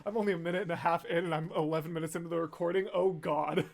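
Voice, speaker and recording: Male reaction host, excitable and chatty, breaks down vocals, sings bits in falsetto. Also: racing, gravelly. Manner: gushing, talkative, breaks into sung snippets and falsetto. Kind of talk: excited musical reaction and analysis.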